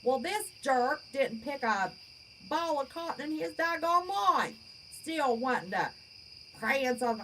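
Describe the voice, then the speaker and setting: Blunt, lively woman host. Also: sits high, slow pace, slight background noise, rough recording. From West Virginia. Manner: blunt, folksy, outspoken ranting. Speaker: channel host. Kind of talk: livestream chat reading viewer comments.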